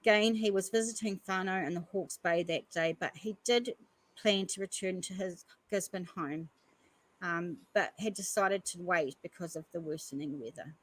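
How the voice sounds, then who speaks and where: In a rough recording, a female podcast host with a voice on the low side reads news articles at normal speed, breaking off often for earnest commentary between passages.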